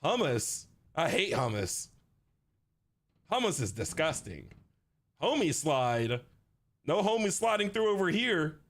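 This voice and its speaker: A man's voice: fairly high pitch, very animated, slow pace, long pauses, fairly bright tone. A man streaming a game, reacting with joking, mock-outraged commentary. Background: game music.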